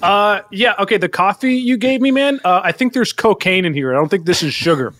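Improv performer: man, high voice, dry close sound, indignant rants. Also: animated, a little fast, fairly bright tone, no room sound. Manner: indignant, ranting. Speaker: comedy improviser. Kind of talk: improv comedy sketch.

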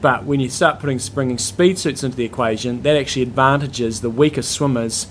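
A man's voice: medium pitch, fairly quick. A man, co-hosting a podcast in casual chat, telling stories in a loose, rambling way. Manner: rambling storyteller, loose and chatty. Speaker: podcast co-host. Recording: faint background noise.

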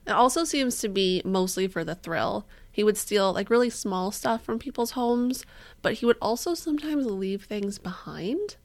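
On a podcast she co-hosts, a woman with a medium-pitched, animated voice tells a true-crime story at normal speed. The chat is casual, she swears freely, and she acts out the people she quotes.

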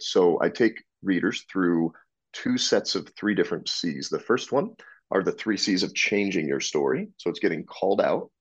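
A man telling stories as a podcast guest, animated and frank, acting out dialogue and swearing freely. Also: deep voice, vocal fry, breathy edge. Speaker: podcast guest, business owner. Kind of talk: casual interview storytelling. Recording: dull lo-fi sound.

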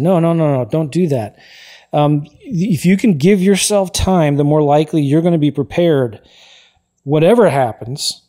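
A man hosting a podcast, giving emphatic motivational advice and often checking in with a quick "right?". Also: on the high side, warm tone. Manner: emphatic, repeats key points, frequent "right?" tags. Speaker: podcast host.

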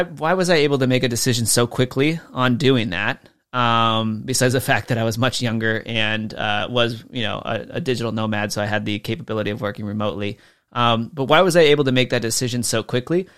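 Man, 30s, business coach, casual storytelling, clear resonant voice, mid pitch. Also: fairly bright tone. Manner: chatty, storytelling with acted-out quotes and lots of fillers. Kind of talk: casual talking-head explainer.

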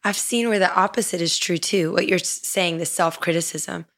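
A woman hosting a podcast interview who talks with enthusiasm and warmly backs up her guest. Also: fairly low pitch. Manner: enthusiastic, affirming, quick to laugh. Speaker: podcast host. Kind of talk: conversational interview.

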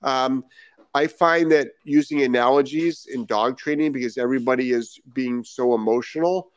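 A man from Rhode Island hosting a live stream about dog training, answering viewer comments as they come in. He talks emphatically, repeats his key points and leans on rhetorical questions. His voice sits at an ordinary pitch for a man, and the sound is dry and close. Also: normal speed, smooth, dry recording.

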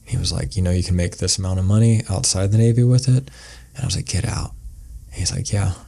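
Speaking fast in a low, gravelly, warm voice, a man appearing as a podcast guest rambles casually through a story and performs the quoted dialogue.

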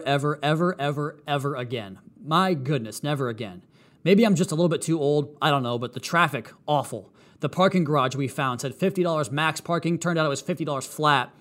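A man's voice: medium pitch, fairly quick, a bit bright. A man in his thirties hosting a casual fan podcast, talking animatedly with dry, sarcastic asides. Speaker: podcast host. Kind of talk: casual monologue.

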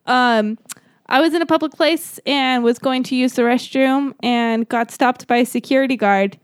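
A woman's voice: high voice, moderate pace, smooth, dry recording, studio quality. A young woman co-hosting a podcast in casual chat, telling stories in a laid-back way and laughing often. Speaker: podcast co-host.

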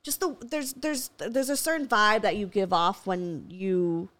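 A woman's voice: medium pitch, steady tone, unhurried, a bit bright. A young woman in her twenties co-hosting a podcast, talking casually with lots of fillers and restarts, supportive of her friend. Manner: hesitant, many fillers, supportive. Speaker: podcast co-host. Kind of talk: casual chat.

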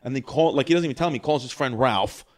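A comedian from Brooklyn with a New York accent, telling a crude story in casual chat, animated and profane, acting out the people he quotes. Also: mid-range voice, fast talker. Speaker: comedian guest.

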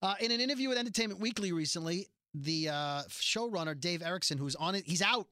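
A man's voice: sits high, fast, sharp tone, no room sound, clean studio sound. A man co-hosting a casual podcast, reading quotes aloud and adding jokey, wry asides. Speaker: podcast co-host.

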